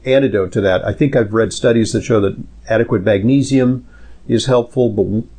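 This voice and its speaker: A man's voice: fairly low pitch, brisk, dark tone. A middle-aged man, a doctor hosting a medical Q&A podcast, talking in a rambling, anecdotal way with lots of fillers.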